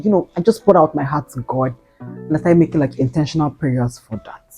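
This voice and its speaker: A young woman in her twenties chats with her viewers as she tells a story, her low, mellow voice growing animated and exclaiming. Faint guitar music plays under her talk. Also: brisk. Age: 20s. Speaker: vlogger. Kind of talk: casual storytelling.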